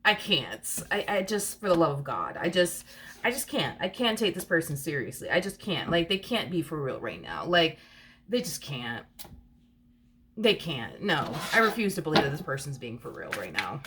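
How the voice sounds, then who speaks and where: A woman's voice: sits low, sing-song, moderate pace, fairly bright tone, a little hiss or hum. A woman giving a casual tarot reading. She is chatty and giggly, and she repeats her words often. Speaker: tarot card reader.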